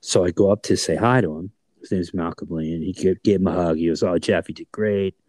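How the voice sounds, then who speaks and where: A man's voice: sits low, fairly quick, a little mellow, dry recording. A man co-hosting a podcast in casual chat, telling a story with many restarts and asides. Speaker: podcast co-host.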